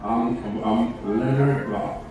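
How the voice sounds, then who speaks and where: A man's voice: medium pitch, fairly even intonation, extremely slow. A man in his eighties telling stories at a community event, rambling and hesitant, with chuckles. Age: 80s. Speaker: invited guest storyteller. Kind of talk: casual spoken reminiscence. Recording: echoey, distant mic, loud music and crowd.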